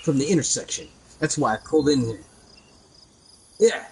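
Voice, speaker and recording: A man's voice: mid-range voice, animated, normal speed, creaky, darkish tone, slight background noise, low-quality recording. A man streaming a game, telling a heated story in casual chat full of swearing.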